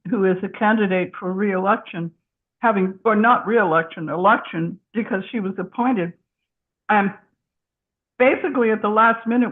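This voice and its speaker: A woman chairing a community group, giving a candid, chatty update while eating her dinner. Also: medium pitch. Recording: tinny phone-like line.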